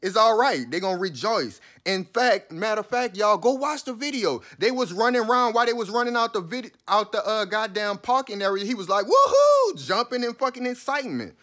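A man's voice: sits high, brisk, hardly any pauses, a bit bright. A man giving a heated, profane and sarcastic commentary, talking straight to his listeners. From New Orleans, USA. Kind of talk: ranting commentary.

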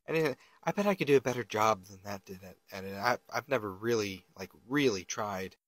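A man's voice: on the low side, expressive, moderate pace, no room sound. A man giving casual, indignant commentary to camera, emphatic, with stammered restarts. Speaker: relative of a public figure.

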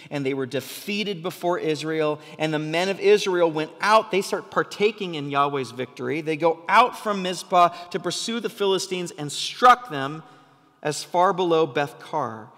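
Passionate high-voiced male preacher, reverberant hall. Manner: passionate, sometimes yelling for emphasis. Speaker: pastor. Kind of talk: sermon. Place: church hall.

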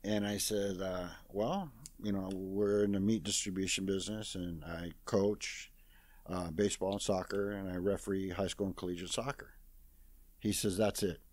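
With a low, steady, slightly mellow voice at normal speed, a sixty-something interview guest casually retells a story, with no room sound in the recording. It comes out plain-spoken and folksy, full of "I says," as he acts out other people's quoted lines.

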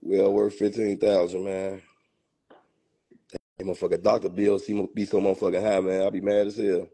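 A man's voice: low-pitched, flat delivery, moderate pace, gravelly, mellow, breathy edge. A man hosting a casual livestream, with a cold, talking in a profane, boastful, rambling way full of street slang. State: has a cold. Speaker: livestream host.

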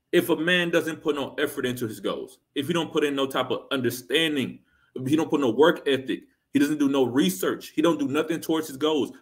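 A man delivers reaction commentary in a blunt, critical tone, circling back on his points and firing off rhetorical questions. His voice sits at an ordinary middle pitch. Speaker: reaction channel host.

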